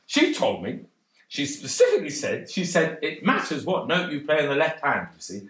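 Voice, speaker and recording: A man's voice: fairly high pitch, huge pitch swings, normal speed, fairly bright tone. An actor playing a bashful, rambling cocktail pianist in a one-man stage monologue, hesitant and self-deprecating. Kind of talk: theatrical monologue. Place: theatre stage. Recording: roomy theatre.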